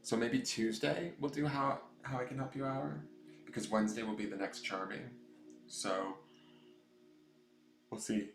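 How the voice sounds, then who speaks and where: A man hosts a tarot live stream, chatting loosely and answering viewer comments by name, and he coos to his new cat in a high baby voice. His speech is a little slow and creaky, with long pauses and a reverberant sound.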